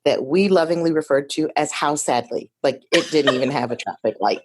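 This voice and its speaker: Interview guest, woman in her 50s from Detroit, lower voice, chatty storyteller with asides. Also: a little fast, husky. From Detroit, USA. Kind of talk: casual storytelling conversation.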